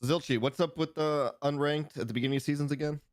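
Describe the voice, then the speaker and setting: A man's voice: on the high side, fast, no room sound, studio quality. A man joking around with friends on a gaming stream. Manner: joking, animated. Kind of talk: casual gaming chat.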